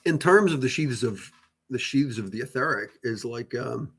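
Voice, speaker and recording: A man's voice: mid-range voice, lively intonation, moderate pace, slightly rough. Rambling man musing on spiritual energy. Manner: rambling, many fillers and restarts, swears casually. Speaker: channel host. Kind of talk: casual spiritual talk to viewers.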